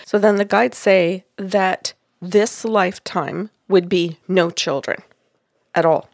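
A woman's voice: mid-range voice, slow, dry recording, studio quality. A woman hosting a podcast, chatting casually as she retells a reading and acts out the dialogue. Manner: animated, acts out quoted dialogue. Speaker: podcast host and psychic reader. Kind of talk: casual storytelling chat.

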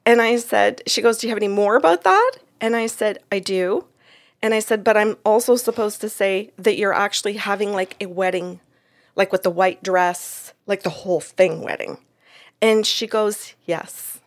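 A woman telling a story from a client session in a casual, animated way, acting out the voices in it and laughing often. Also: mid-range voice, moderate pace.

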